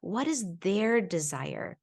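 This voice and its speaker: Woman teaching in a relaxed, chatty way. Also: mid-range voice, takes it slowly, creaky. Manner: conversational, many fillers and restarts, reflective. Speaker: herbal school teacher. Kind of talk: informal recorded lesson.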